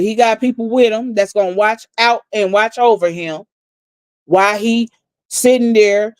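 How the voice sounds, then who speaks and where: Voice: medium pitch, steady tone, a little slow, clear, resonant tone, dry recording. A livestream host giving a blunt, profane story recap and repeating lines for emphasis.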